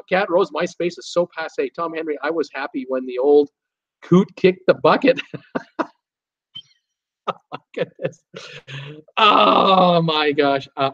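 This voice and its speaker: A man's voice: on the high side, a bit bright. A man hosting a live stream, reading viewer chat aloud and answering in a chatty, rambling way, often laughing. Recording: dull lo-fi sound.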